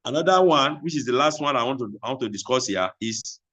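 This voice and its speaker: Male lecturer, classroom lecture, slow repeated phrases for dictation, asks and answers his own questions, mid-pitched voice. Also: animated, fairly bright tone.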